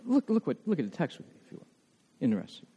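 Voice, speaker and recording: A man preaching with a high, very lively voice that swoops up and down as he tells stories. He often restarts his phrases mid-thought. His voice rings out in a church hall with a long echo. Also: rapid-fire, slightly rough. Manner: animated storytelling with frequent restarts. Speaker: pastor. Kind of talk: sermon.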